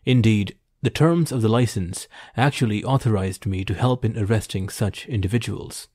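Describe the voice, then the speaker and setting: A man narrating an audiobook in a measured, formal storytelling manner. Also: fairly low pitch, darkish tone, no room sound, clean studio sound. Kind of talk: scripted narration.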